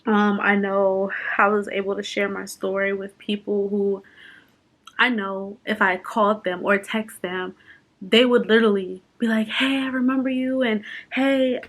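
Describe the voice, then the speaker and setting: A woman's voice: medium pitch, flat delivery, measured pace, a bit bright. A young woman chatting unscripted in a personal vlog, open and emotional, laughing and fighting back tears at times. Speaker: vlogger.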